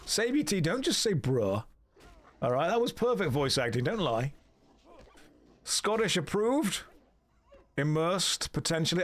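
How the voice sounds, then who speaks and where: A man streaming a video game who gives sarcastic, joking commentary and answers his live chat. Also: on the high side.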